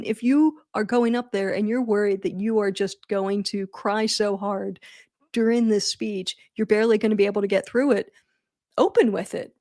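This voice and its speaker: A middle-aged woman hosting a live advice Q&A on wedding speeches, chatty and animated, with self-deprecating jokes. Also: on the high side, dry recording, studio quality. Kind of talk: casual livestream advice.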